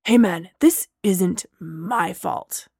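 A woman's voice: on the low side, extremely slow, creaky, mellow, husky, dry recording, studio quality, exaggerated voice. A woman voicing a testy, defensive young man who drags out his words.

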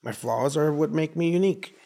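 A slightly high voice with vocal fry belongs to an American man in his forties, speaking fairly quickly. As a guest in a casual interview, he tells stories animatedly and drops into the voices of his neighbors.

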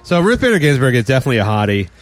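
A man's voice: medium pitch, sing-song. A man chatting casually and joking in a rambling, laughing way. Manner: fast, rambling, joking with frequent laughs and fillers. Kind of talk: casual podcast banter.

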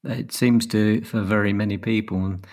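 A man hosting an interview, asking questions gently and hesitantly. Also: fairly low pitch, fairly even intonation, moderate pace. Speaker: interview host. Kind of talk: conversational interview.

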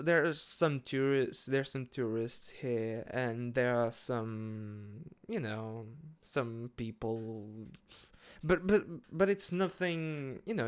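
Male podcast host, smooth clear voice, unhurried and rambling. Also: medium pitch. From Portugal. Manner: rambling, hesitant, lots of fillers and swearing. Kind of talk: casual monologue.

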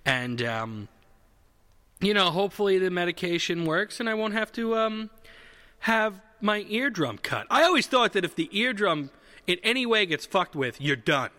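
A man with a bright, forceful voice and a slightly high pitch, telling a rambling comedic story in an easy, casual way. He corrects himself mid-sentence, circles back often and swears without a second thought. The sound carries a long hall reverb. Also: sing-song, normal speed.

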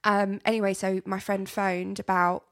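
A woman's voice: mid-range voice, flat delivery, moderate pace, a bit bright, dry recording, clean studio sound. A young woman co-hosting a podcast, telling a long personal story in a chatty way, full of fillers and repeats. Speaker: podcast co-host. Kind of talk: casual chat.

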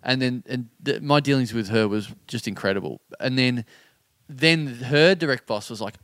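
A man's voice: medium pitch, moderate pace, fairly bright tone, no room sound, studio quality. An Australian man co-hosting a live podcast, telling a long rambling story with swearing and acted-out quotes. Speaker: podcast co-host.

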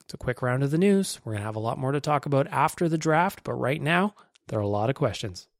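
A man's voice: medium pitch, lively intonation, fast talker. Brash Canadian man hosting a podcast. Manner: brash, blunt, swears freely. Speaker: podcast host. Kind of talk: casual sports podcast talk with ad reads.

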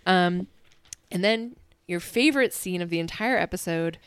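A woman's voice: fairly low pitch, normal speed, smooth, no echo. A woman in her late thirties co-hosting a podcast, chatting casually and laughing often as she recaps. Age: late 30s. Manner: chatty, laughs often, quotes others in asides. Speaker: podcast co-host.

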